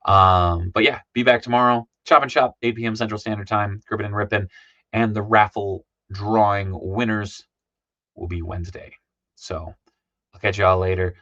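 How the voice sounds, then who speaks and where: A man's voice: lowish voice, steady tone, normal speed, sharp tone, no echo. A man hosting his livestream in casual chat, losing his voice, rambling with lots of ums as he signs off. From Minnesota. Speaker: livestream host. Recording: dull lo-fi dry sound.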